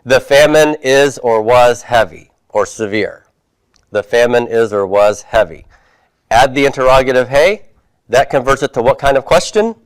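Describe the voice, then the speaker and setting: A man's voice: mid-range voice, animated, normal speed, dry recording. A man teaching a Hebrew class, reviewing homework and patiently asking his students questions before answering them himself.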